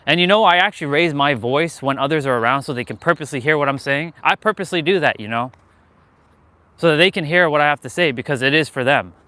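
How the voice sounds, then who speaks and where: Talking fast in a slightly high, pushed, bright voice with no echo, a man walks outdoors and live-streams through a handheld gimbal camera. His chatter is casual, candid, and motivational, full of swearing.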